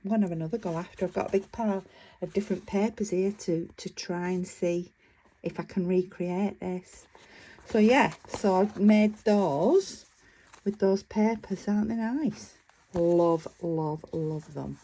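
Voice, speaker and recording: Chatty woman with a dark, mellow voice. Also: fairly low pitch, unhurried. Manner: chatty, enthusiastic, rambling with fillers. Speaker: craft vlogger. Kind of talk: casual show-and-tell chat.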